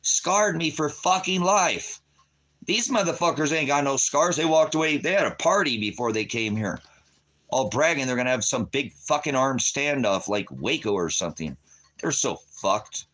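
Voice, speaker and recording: Speaking to camera in a mid-range, expressive voice at a moderate pace, this middle-aged vlogger delivers an angry, profanity-laden tirade. He swears in nearly every sentence, erupts into yelling as he gets riled up, and occasionally parodies others with sneering impressions.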